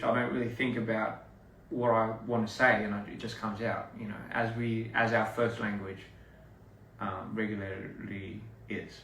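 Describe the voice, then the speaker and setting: A man's voice: mid-range voice, vocal fry. Man, rambling and roomy. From Australia. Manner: rambling and relaxed, with many restarts and fillers. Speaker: performer talking to fans. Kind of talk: casual livestream chat. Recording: roomy, somewhat distant phone audio.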